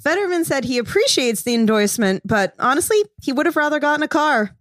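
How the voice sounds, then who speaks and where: A woman comedy writer pitching topical jokes, reading setups in a deadpan news style between casual chat. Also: quick pace, dry recording, clean studio sound. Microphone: headphones on a call.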